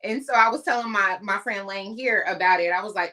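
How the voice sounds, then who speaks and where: A woman's voice: on the high side, fast talker, few pauses, sharp tone. A woman from the US West Coast co-hosting a podcast, chatty and emphatic as she tells stories. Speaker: podcast co-host. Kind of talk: casual podcast chat.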